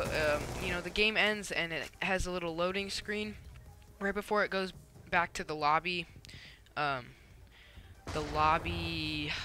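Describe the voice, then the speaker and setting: Rambling young man with a bright, high voice. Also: background noise. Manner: rambling, animated storytelling with many fillers. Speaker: gameplay commentator. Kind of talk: casual gameplay commentary rant.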